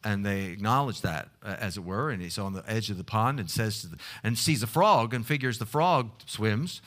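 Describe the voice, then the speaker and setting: Bright-voiced halting preacher. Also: male voice, on the low side. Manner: halting, many fillers and restarts. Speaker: pastor. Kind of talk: sermon with prayer.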